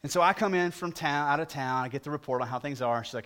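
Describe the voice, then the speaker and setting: Animated storytelling preacher, man. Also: mid-range voice, fast, hardly any pauses. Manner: animated, swings between loud emphasis and soft hush; conversational, asks the congregation questions. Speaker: pastor. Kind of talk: storytelling sermon.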